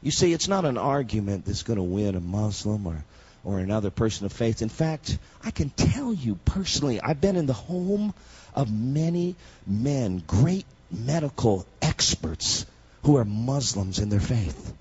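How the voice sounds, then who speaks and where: Husky, impassioned male preacher. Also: medium pitch, very animated, a little slow, lo-fi sound. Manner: impassioned, rising to shouts. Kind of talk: sermon.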